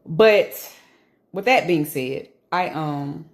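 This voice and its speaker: A woman with a low voice talks very slowly to the camera in a casual home vlog, yet stays animated and emphatic, slipping into ranting and laughter.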